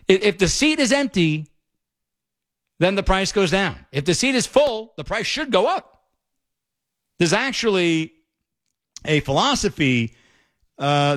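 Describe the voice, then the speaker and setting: Emphatic, high-voiced male radio host. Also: fairly bright tone. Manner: emphatic, argumentative, quick asides. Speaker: radio talk show host. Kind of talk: opinionated talk radio commentary.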